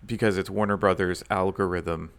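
A man's voice: low voice, steady tone, normal speed. A young man co-hosting a casual podcast, playful and chatty, sometimes putting on a mock radio voice. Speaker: podcast co-host.

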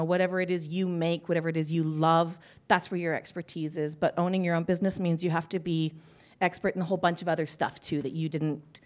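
A woman panelist at a live conference, talking in a chatty, self-deprecating way and laughing often. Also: lowish voice. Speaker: panelist, business owner.

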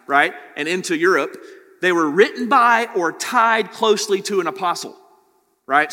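Bright-voiced male pastor in a reverberant hall. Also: high voice. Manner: conversational teaching, frequent "right?" tag questions. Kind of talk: sermon.

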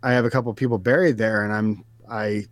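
A man's voice: on the low side, steady tone, fairly quick, dry recording. A man making a prank phone call, hesitant and repetitive, with a falsely soothing tone. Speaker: prank caller host.

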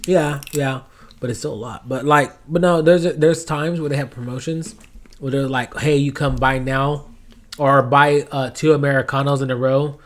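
A man's voice: medium pitch, fairly even intonation, normal speed. Young male podcast co-host, casual and profane, loose storyteller. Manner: laid-back, swears a lot, rambling storyteller. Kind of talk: casual chat.

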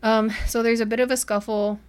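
A woman co-hosting a casual book club podcast, retelling scenes in an animated way and acting out the characters' lines. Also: a little high, fairly quick, clean tone. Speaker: podcast co-host.

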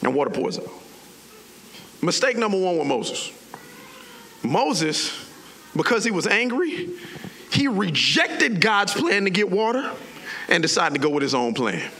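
A man's voice: high voice, big pitch swings, measured pace, long pauses, bright, forceful tone, a little hiss or hum. A man preaching a sermon as a pastor, telling the story animatedly in casual slang and acting out voices.

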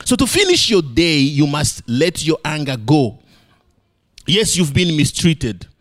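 A man preaching a sermon, playful and animated, swinging between high exclamations and low emphatic lines. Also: measured pace, faint music behind.

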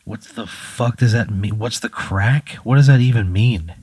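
A low-pitched man with a husky, slightly raspy voice reacts with disbelief and swears often. He sounds close to the mic in a dry space. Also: normal speed, darkish tone, dry recording. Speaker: player. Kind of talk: casual chat.

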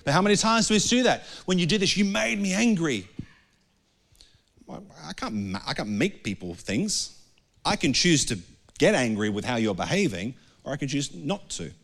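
Earnest male pastor preaching. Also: medium pitch. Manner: earnest, conversational preaching that drops to soft prayer. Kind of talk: sermon.

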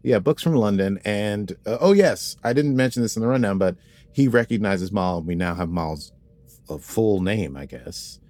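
Low-voiced man chatting playfully. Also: animated, moderate pace, a little mellow, dry recording, soft background music. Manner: playful, rambling, with asides and self-corrections. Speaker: podcast co-host. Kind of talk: casual chat about a TV episode.

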